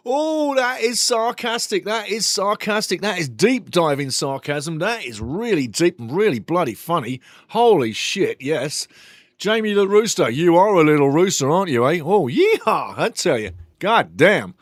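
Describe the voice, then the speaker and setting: Hosting a live football watch-along, a British man chats and jokes through the match, swearing casually and repeating himself. His slightly high voice has a sing-song lilt at normal speed. The sound is clean studio audio with no room sound.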